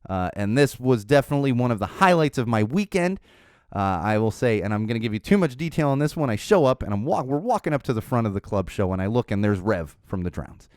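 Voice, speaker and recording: Male podcast host, casual rambling storyteller, smooth clear tone, dead-dry recording. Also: mid-range voice, sing-song, fast talker, a little mellow, dry recording. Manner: rambling, with many fillers and restarts.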